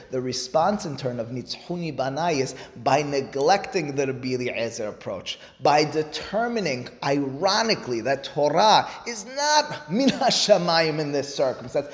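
Animated man lecturing in an echoey hall. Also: mid-range voice. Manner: animated, swings from loud exclamations to quiet asides. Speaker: teacher. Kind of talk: Talmud class lecture. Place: classroom. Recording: echoey room with long reverb.

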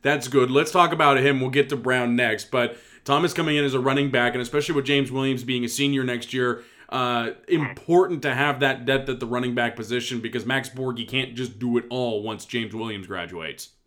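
Bright-voiced joking podcast host, a man. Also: mid-range voice, fairly even intonation, fairly quick, few pauses. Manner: self-deprecating, joking. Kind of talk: casual sports podcast chat.

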